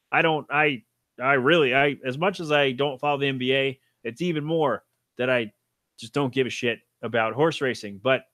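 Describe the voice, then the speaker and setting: A man's voice: medium pitch, sharp tone, no room sound, clean studio sound. A man hosting a casual solo podcast, rambling offhand and self-deprecating about sports, with casual swearing. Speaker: podcast host.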